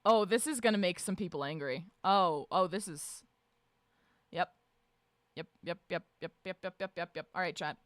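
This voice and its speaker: A woman streamer chatting casually with her live chat, swearing freely, laughing often and shouting out greetings. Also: fairly low pitch, moderate pace, no room sound, studio quality. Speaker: livestreamer reading and answering chat.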